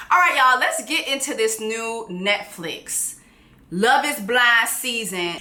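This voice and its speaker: A woman's voice: on the high side, animated, a little slow, pushed and bright. Blunt, joking woman host in an echoey room. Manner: blunt, joking, uses slang. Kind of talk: casual commentary chat.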